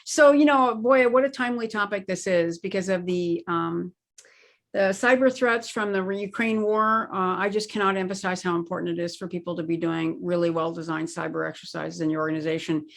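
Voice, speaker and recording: A woman's voice: lowish voice, steady tone, brisk, vocal fry. A woman speaking as an expert interview guest, explaining her points in an emphatic conversational way and leaning on key words. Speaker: guest expert on crisis planning.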